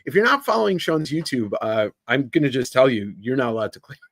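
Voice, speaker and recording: Lively joking man hosting a sale. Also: medium pitch, fairly quick. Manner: lively, joking, greets chat by name. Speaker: live sale host. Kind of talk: casual livestream chat. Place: indoor office.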